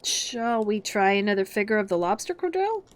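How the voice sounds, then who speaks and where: A woman voicing a bossy, impatient gryphon creature with a loud, brisk, commanding delivery. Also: mid-range voice, very animated, natural voice. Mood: gruff.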